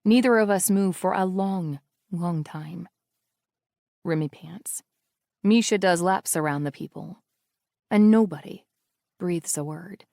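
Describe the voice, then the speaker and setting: A woman's voice: on the low side, slow pace, gravelly, pauses often, dark tone, dry recording, clean studio sound. A woman narrating a first-person romance audiobook in an intimate, emotional reading style.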